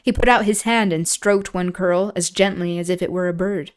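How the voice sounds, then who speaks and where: A woman streamer reading a classic novel aloud, breaking off for relaxed, chatty asides. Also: on the low side, moderate pace, smooth. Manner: relaxed, chatty asides and laughter between passages.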